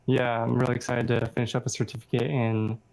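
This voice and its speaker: A man's voice: mid-range voice, little pitch movement, fast, gravelly, a little mellow, rough recording. Earnest young man, full of ums. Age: 20s. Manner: earnest, lots of ums and likes. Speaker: game developer guest. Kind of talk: casual interview chat.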